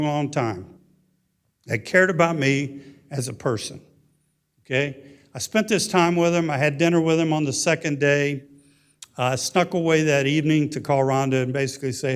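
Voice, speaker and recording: A man in his sixties with a Texan accent, telling a personal story as a guest speaker at a luncheon, in a folksy way with frequent "okay?" and "you know?". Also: mid-range voice. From Texas. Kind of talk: storytelling speech. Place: luncheon hall.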